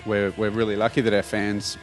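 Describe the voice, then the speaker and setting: A man's voice: on the low side, monotone, a little fast, faint music behind. A man with an Australian accent, a band member chatting casually, joking and repeating himself as he talks. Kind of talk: casual chat.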